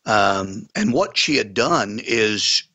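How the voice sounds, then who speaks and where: A man's voice: lowish voice, animated, takes it slowly, bright, forceful tone. A man, a pastor, earnestly telling a story in a conversation, with folksy sayings. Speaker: pastor and guest.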